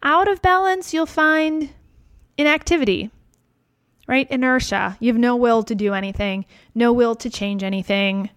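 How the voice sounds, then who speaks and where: A woman teaching a relaxed talk on chakras, calm and reflective, often checking in with the listener. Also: on the high side, normal speed, clear, resonant tone, dry recording, studio quality.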